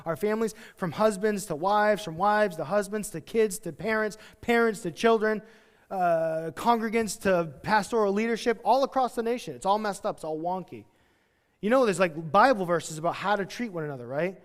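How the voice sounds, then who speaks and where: A man preaching a sermon as pastor, chatty and self-deprecating, with quick acted-out quotes. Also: high voice, long reverb tail. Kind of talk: verse-by-verse sermon. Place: church sanctuary.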